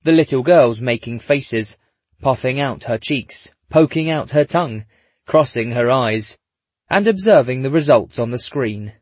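A man narrating a story in a husky voice, dropping in dry, wry asides. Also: medium pitch, expressive, measured pace, a little mellow, dry recording. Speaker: audiobook narrator. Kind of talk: scripted narration.

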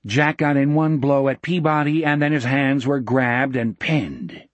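A man narrating a novel in a measured, dramatic storytelling manner on a close mic. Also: medium pitch, no echo, highs cut off. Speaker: audiobook narrator. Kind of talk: scripted narration.

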